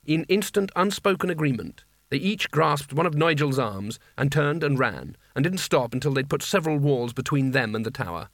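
A man's voice: on the high side, normal speed, few pauses, a bit bright, no room sound. A man narrating a comic fantasy audiobook in a dry, wry storytelling manner. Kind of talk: scripted narration.

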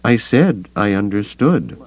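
Male narrator lifting his voice for a calm, measured woman diplomat, dull lo-fi recording. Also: lowish voice, pitched above the performer's own voice. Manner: quiet, measured.

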